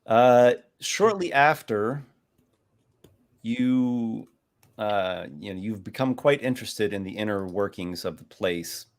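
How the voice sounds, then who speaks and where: A man runs a tabletop game, narrating scenes in a relaxed, rambling way. His pitch moves a lot as he talks. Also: slow. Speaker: game master.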